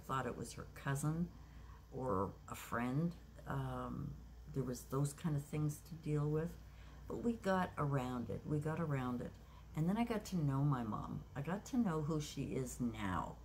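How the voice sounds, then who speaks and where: A woman in her sixties telling a personal story in a reflective, unhurried way, with many pauses and restarts. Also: very deep voice, darkish tone, a little hiss or hum. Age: 60s. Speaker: craft vlogger.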